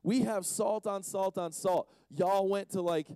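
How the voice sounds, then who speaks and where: Playful dark-voiced youth preacher. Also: male voice, sits high, fairly even intonation, measured pace, smooth, dry recording. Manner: playful, teases the audience. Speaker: youth conference speaker. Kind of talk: casual joking sermon.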